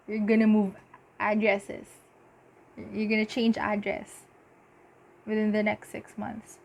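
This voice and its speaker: A tarot reader, a woman with a mid-range voice, gives a casual reading. She talks in halting bursts, packed with fillers and punctuated by giddy laughter.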